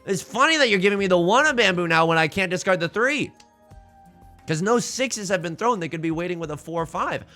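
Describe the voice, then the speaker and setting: Lively, melodramatic male game streamer. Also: high voice, fairly quick, soft background music. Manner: self-deprecating, melodramatic, stammering restarts. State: tired from little sleep. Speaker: let's play host. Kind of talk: casual gameplay commentary.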